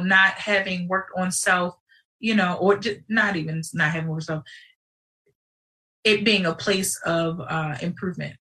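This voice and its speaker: A woman hosting a live show in casual livestream talk, animated and digressive, with sudden outbursts. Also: fairly low pitch, distant mic, rough recording.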